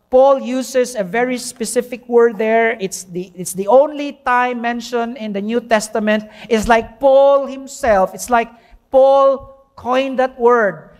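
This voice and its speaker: A middle-aged woman with a Filipino Cebuano accent, preaching a sermon. She teaches by asking questions and answering them, and slips into Cebuano. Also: on the high side. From Philippines.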